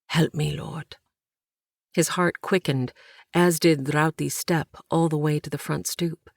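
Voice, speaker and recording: A woman narrates a historical novel with measured, even storytelling. Her voice sits low for a woman. The recording is dry and close, with no room sound. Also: no echo. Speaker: audiobook narrator. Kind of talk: scripted narration.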